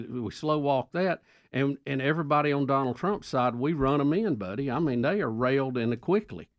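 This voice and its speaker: A man's voice: mid-range voice, dry recording, highs cut off. A man co-hosting a talk radio show gives indignant commentary, often restarting his sentences. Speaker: radio host.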